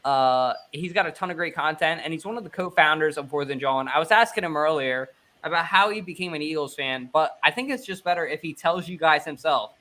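A man hosting a live fan stream, upbeat and energetic. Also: a little high, fairly quick. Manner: hyped, energetic delivery.

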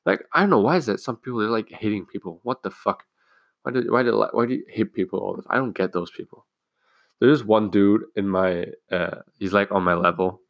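A man's voice: lowish voice, fairly quick, dry recording, lo-fi sound. A teenage boy rambling through a school story in a casual, profane way, full of restarts. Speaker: student telling a school story. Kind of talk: casual solo chat.

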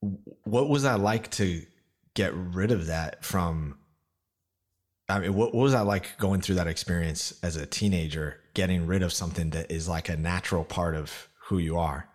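A man with a deep, low voice hosts a relaxed podcast conversation. He asks curious, easygoing questions and drifts into his own anecdotes. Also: moderate pace. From outside New York. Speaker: podcast host. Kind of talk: casual interview chat.

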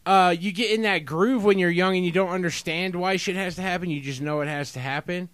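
A man with a somewhat high voice talks easily and thoughtfully in a podcast chat, swearing now and then. The sound is dry and close-miked. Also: a little fast, a bit bright, no room sound. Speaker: podcast co-host.

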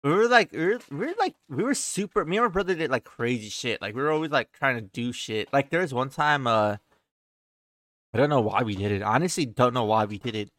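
A man's voice: medium pitch, expressive, a little fast, fairly bright tone, no echo. A young man telling a childhood story in a loose, profane way on a podcast, full of "like" and "he's like". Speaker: podcast co-host. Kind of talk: casual storytelling.

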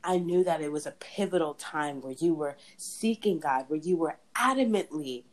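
Young woman host, low voice, chatty faith talk full of laughs and restarts. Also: animated, normal speed, poor audio. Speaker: podcast host. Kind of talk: casual faith chat.

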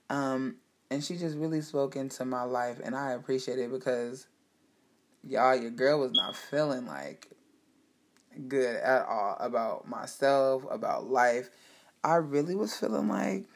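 A woman's voice: rumbling low, moderate pace, creaky. Candid woman sharing a personal story. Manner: heartfelt, emphatic storytelling with frank swearing. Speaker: host speaking to her audience.

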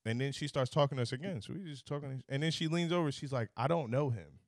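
A man's voice: mid-range voice, fast talker, dry recording, studio quality. A young man hosting a podcast, telling a story in casual chat and acting out both sides of the exchange. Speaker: podcast host.

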